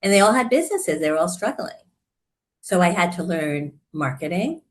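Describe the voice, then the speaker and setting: A woman in her sixties, a therapist and coach, chatting as a guest and telling her story with animated warmth and frequent laughter. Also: fairly low pitch, moderate pace, a little hiss or hum. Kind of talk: casual conversational interview.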